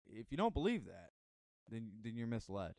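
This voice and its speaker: A man's voice: mid-range voice, very animated, moderate pace, vocal fry, a little mellow, no echo. An American man giving a casual motivational monologue to camera, emphatic and a bit rambling. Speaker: vlogger giving motivational talk.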